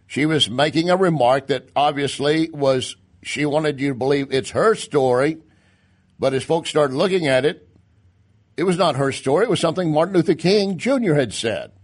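Male commentary host, slightly high pitch, sarcastic and emphatic, loose unscripted delivery. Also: moderate pace. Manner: sarcastic, emphatic, with stumbles and restarts. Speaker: talk show host. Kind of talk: opinion commentary.

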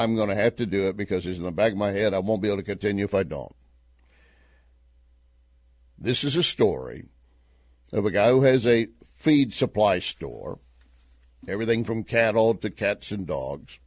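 A middle-aged man hosts a talk radio show, commenting on the news and telling a joke as an animated storyteller with chuckling asides. His voice is lowish, his pace moderate with long pauses, and the recording is dry.

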